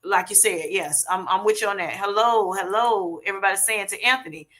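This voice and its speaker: Bright-voiced chatty middle-aged woman. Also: medium pitch, brisk. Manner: chatty, affectionate, calls viewers honey and baby. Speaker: livestream host reading viewer comments. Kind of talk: casual livestream chat.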